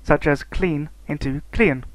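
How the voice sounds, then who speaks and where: A man reads a scripted educational narration in a slightly higher voice. He keeps a steady reading pace and slows down on the example words. The recording is dry and close, with no room sound. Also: no echo, low-quality recording. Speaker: student narrator.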